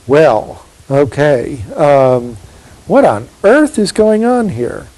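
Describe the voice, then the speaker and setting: A man giving a university literature lecture, reading poetry aloud slowly and emphatically and posing rhetorical questions. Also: on the high side, very animated, mellow, rough recording.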